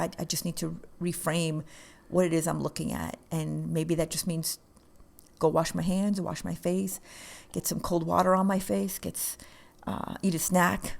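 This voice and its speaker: Podcast co-host, female, low-ish gravelly voice, earnest and encouraging. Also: a little mellow. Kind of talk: casual chat.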